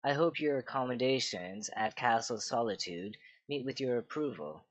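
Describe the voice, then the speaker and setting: A man's voice: mid-range voice, animated, moderate pace, no room sound, natural voice. A man doing a petulant young boy king. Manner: petulant, carefully enunciated. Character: precocious eleven-year-old boy king, petulant.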